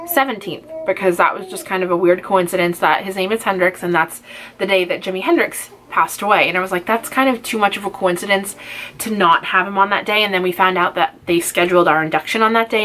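A woman's voice: mid-range voice, sharp tone, a little hiss or hum. Chatty young woman vlogger. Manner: casual, lots of fillers and acted-out quotes. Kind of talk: chatty get-ready-with-me storytelling.

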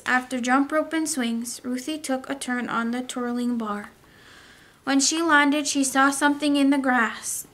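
High-voiced woman reading to kids. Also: fairly bright tone. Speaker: teacher. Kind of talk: children's story read-aloud.

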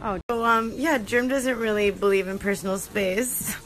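A woman's voice: medium pitch, moderate pace, a bit bright, faint music behind. A woman chatting casually and teasing her castmates while filming behind the scenes. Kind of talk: casual chat. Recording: noisy outdoor vehicle ambience.

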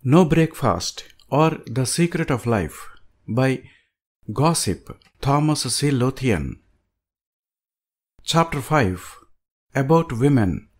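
A man reading an audiobook aloud with a measured, emphatic delivery. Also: mid-range voice, sing-song. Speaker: audiobook reader.

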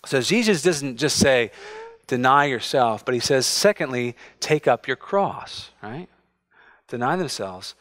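A man in his thirties preaching from the pulpit of a church. He tells stories about his family with animated swings in his voice, acting out the other people's lines. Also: mid-range voice, unhurried. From United States. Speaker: pastor. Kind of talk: sermon. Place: church sanctuary.

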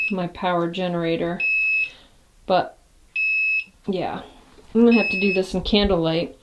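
A woman vlogging in a small cabin, relaxed and unhurried, sometimes dropping to a whisper and talking softly to her dog. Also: lowish voice, background noise. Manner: drops to a whisper at times. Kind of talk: casual vlog narration. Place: small off-grid wooden cabin, indoors.

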